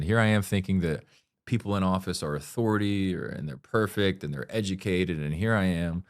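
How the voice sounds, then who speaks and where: A man's voice: low voice, brisk, dry recording, clean studio sound. A man speaking as a podcast guest in a casual interview, blunt and candid, swearing freely and talking with earnest emphasis.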